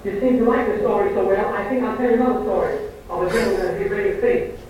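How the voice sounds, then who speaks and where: A woman's voice: medium pitch, fast, darkish tone. A woman comedian and singer telling brash dialect jokes in a stage monologue. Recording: old archival recording, echoey, distant, muffled and hissy.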